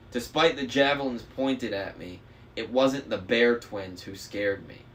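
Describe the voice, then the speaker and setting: A man reading a novel aloud in first person on a live stream, steady with small slips. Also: medium pitch. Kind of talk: audiobook reading. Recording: faint noise, slightly distant mic.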